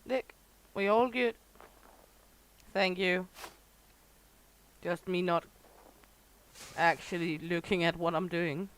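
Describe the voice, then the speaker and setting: A woman's voice: fairly low pitch, fairly even intonation, slow, long pauses. A woman streamer chatting casually with viewers while playing a game, teasing regulars by name. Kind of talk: casual livestream chat with viewers.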